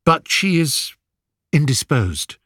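A man's voice: fairly high pitch, very animated, slow, fairly bright tone, dry recording, studio quality, pitched above the performer's own voice, full character voice. A man reading aloud, voicing an eager, gloomy young prince in an urgent, raised voice. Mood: earnest.

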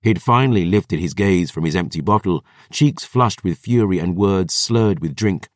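Male audiobook narrator, dramatic and measured, deep-ish voice. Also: no echo, studio quality. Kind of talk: scripted narration.

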